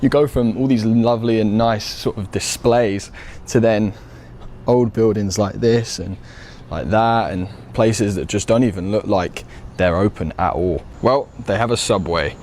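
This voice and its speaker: A man's voice: on the low side, measured pace, a little mellow, slight background noise. A man from Britain vlogging his travels, chatty and curious, outdoors on a small-town street. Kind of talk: travel vlog narration.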